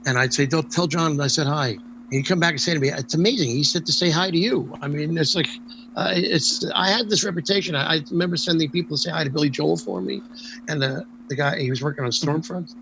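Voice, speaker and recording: An older man recounts stories in an interview, voice sitting a bit high for a man. He slips into the voices of the people he quotes as he goes. A faint hum sits under the recording. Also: fast, creaky, low-quality recording. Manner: animated storyteller, acts out quoted dialogue. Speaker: interview guest. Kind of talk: storytelling anecdotes in a casual interview.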